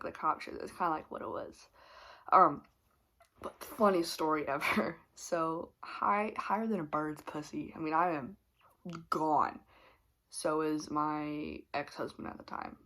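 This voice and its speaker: A young woman telling a storytime confession, casual and rambling with loose laughter. Her voice sits a little low for a woman. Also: a bit bright. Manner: rambling and candid, full of fillers and laughs. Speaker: vlogger.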